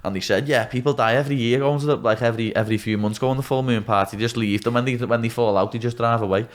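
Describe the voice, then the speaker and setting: A man in his twenties from Liverpool with a Scouse accent, chatting on a podcast and telling rambling, swear-filled stories in an animated way. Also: medium pitch, fast talker. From Liverpool, England. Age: 20s. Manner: swears freely, tells rambling anecdotes, animated. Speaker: guest, mixed martial arts fighter. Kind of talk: casual podcast chat.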